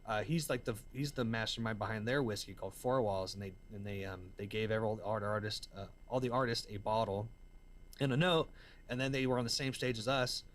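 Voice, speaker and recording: A man's voice: on the low side, fast talker, slight background noise. A man from the American South, telling stories in casual slang as an interview guest. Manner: excitable storyteller, slangy, says man and dude. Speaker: guest, musician and entrepreneur.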